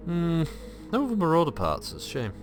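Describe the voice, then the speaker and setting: A man's voice: fairly high pitch, wildly swooping pitch, fairly quick, faint music behind. A man streaming a strategy game, rambling casually between turns with plenty of fillers and casual swearing. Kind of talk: casual gameplay commentary.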